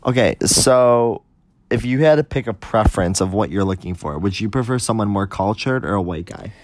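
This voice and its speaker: A man's voice: lowish voice, normal speed. A man hosting a casual podcast, asking blunt, teasing questions. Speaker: podcast host.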